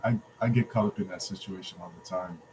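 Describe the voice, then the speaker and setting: A man's voice: sits low, steady tone, fast, heavy background noise. A man joining a video call discussion, speaking hesitantly with many ums and restarts. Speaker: call participant.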